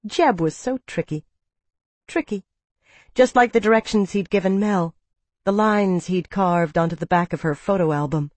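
A female audiobook narrator reads a novel in scripted narration, keeping a measured, even storytelling pace. Her mid-range voice is close to the mic, with no room sound.

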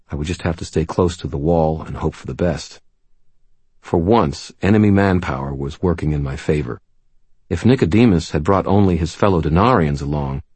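A man narrating a first-person story with steady, even storytelling and dry asides, recorded on a close mic. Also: extremely low pitch, slightly rough, dry recording. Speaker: audiobook narrator.

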